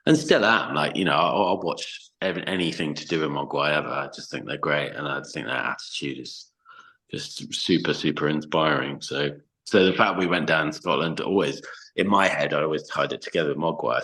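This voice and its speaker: Male podcast guest, very low pitch, loose rambling storyteller who swears casually. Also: fairly quick, bright, forceful tone, low-quality recording. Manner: chatty, swears freely, many fillers. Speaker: podcast guest, band frontman.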